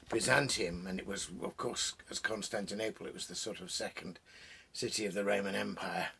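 Guy rambling about a poem, lots of ums and restarts, rough gravelly voice. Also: lowish voice, fairly bright tone. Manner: rambling, digressive, many fillers and restarts. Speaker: poet and host. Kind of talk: casual spoken talk on poetry. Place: indoors, at home among bookshelves.

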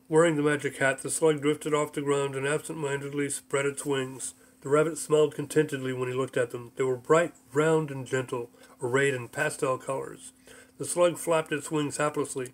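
A man's voice: medium pitch, flat delivery, moderate pace. A man reading his own book aloud as audiobook narration, with mild voice shifts for the characters.

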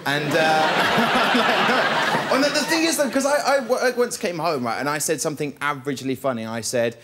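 A young male comedian doing a lively stand-up routine on a TV studio stage. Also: a little high, normal speed, slightly rough. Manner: lively storytelling with quoted voices. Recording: studio audience laughter and noise.

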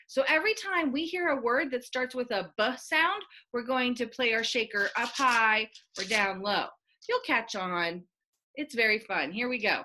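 A woman's voice: a little high, animated, normal speed, background noise. A woman leading a children's library sing-along, cheerful and encouraging, singing and talking with a shaker. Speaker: children's music leader.

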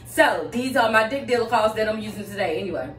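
A woman's voice: on the high side, animated, fast, fairly bright tone, distant mic. Rambling tarot-reading woman, roomy and off-mic. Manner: dramatic, rambling asides, exclamations. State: shaken, catching her breath. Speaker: tarot reader. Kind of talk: casual spoken tarot reading. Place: home room. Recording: roomy, off-mic with faint music.

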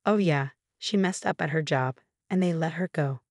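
A woman's voice: low voice, normal speed, no echo, studio quality. A woman voicing a scornful middle-aged mother-in-law in a narrated story, with a mocking, dismissive manner.

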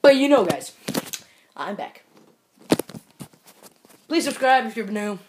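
A woman chatting in a casual selfie vlog from her bedroom, excitable and often dropping into hushed whispered asides, recorded on a phone held at arm's length. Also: a little high, slow pace, background noise. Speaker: vlogger. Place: bedroom at home.

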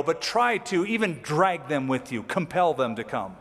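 With lively intonation and a fairly high, somewhat bright voice, this pastor moves at a moderate pace through an expository sermon. He reads scripture aloud before explaining it in a casual, conversational way. Long hall reverb colors the sound.

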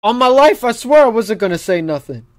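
A young man giving let's play commentary on a horror game, jittery, stammering and swearing, yelling when frightened. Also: extremely high pitch, very animated, a little fast, dry recording. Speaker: gaming YouTuber. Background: game music.

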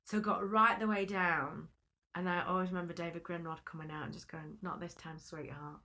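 A woman's voice: on the low side, fairly even intonation, a little fast, bright, forceful tone. A woman in her thirties, a guest actress in a casual interview, chatty and laughing as she acts out quotes.

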